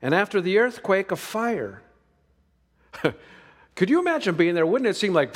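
A man preaching a sermon, swinging between emphatic lines and hushed ones. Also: sits high, sing-song, a little slow, long pauses. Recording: long reverb of a large hall.

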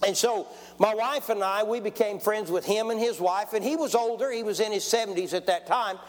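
A man's voice: high voice, fairly quick. A man, preaching a testimony sermon in a folksy storytelling way and calling for amens. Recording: long church hall reverb.

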